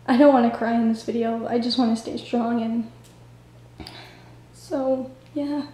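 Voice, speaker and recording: Female vlogger on the verge of tears, soft and mellow, flat and hesitant delivery, echoey room. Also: fairly high pitch, a little hiss or hum. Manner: halting, hesitant, soft-spoken. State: fighting back tears. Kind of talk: tearful video tribute.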